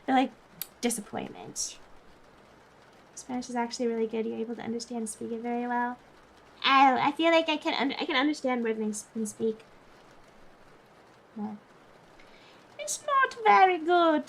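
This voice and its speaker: A young woman streaming late at night, chatting casually with viewers, tired but giggly and animated. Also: a little high, fairly quick, vocal fry, pauses often. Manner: giggly, animated, often laughs.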